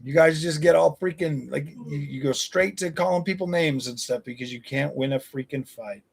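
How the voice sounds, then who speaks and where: A man's voice: fairly high pitch, moderate pace, vocal fry, slightly rough. A man in his forties chatting on a live stream, answering viewers in a blunt, combative, profane way. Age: 40s.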